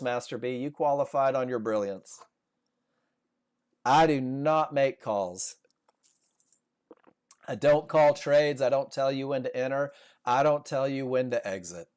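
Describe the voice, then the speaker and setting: A man leading a live online trading class, animated and jokey, repeating points as he coaches. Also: mid-range voice, clean tone. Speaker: trading instructor.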